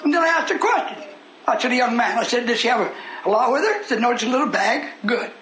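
An older man preaching a sermon in a folksy way that rises into shouted fervor. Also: very high voice, lively intonation, fast talker. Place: church meeting hall. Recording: echoey room with congregation.

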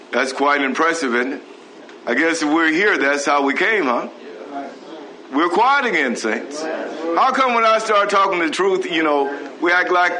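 A man's voice: high voice, sharp tone, slight background noise, low-quality recording. A man preaching a sermon, asking the congregation rhetorical questions. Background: congregation responding.

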